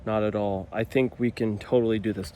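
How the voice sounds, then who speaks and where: A man's voice: on the low side, fairly even intonation, brisk, dark tone, slight background noise. A man in his twenties, a new father talking casually and earnestly to camera, rambling a little and restarting his sentences. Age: 20s.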